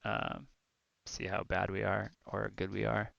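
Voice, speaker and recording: On a streamed talk show, a young co-host rambles through lively stories in casual chat, leaning on plenty of fillers. He speaks unhurriedly in a gravelly, lowish voice, captured in a dry, lo-fi recording.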